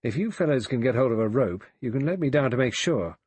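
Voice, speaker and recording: A man doing a brisk, practical adventurer. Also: mid-range voice, lively intonation, a little mellow, breathy edge, dry recording, pitched above the performer's own voice. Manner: decisive, brisk.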